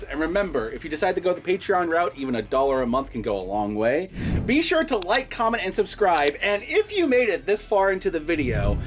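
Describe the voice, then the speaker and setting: A young man hosting a casual review vlog, animated and swearing freely, nearly losing his voice. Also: fairly high pitch. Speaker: host.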